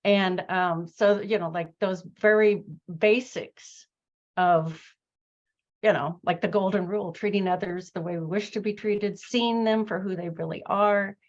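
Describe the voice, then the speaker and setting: A woman's voice: medium pitch, steady tone, unhurried, highs cut off. A woman hosting a conversation who tells a personal story, reflective and full of fillers and restarts. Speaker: host. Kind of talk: conversational interview chat.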